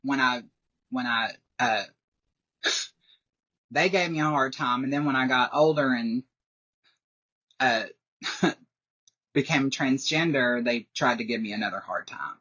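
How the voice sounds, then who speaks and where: Husky woman. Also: a bass voice, unhurried, pauses often, a bit bright. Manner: rambling, heavy use of "like", frequent laughter. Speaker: podcast guest. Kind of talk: casual interview chat. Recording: dull lo-fi recording.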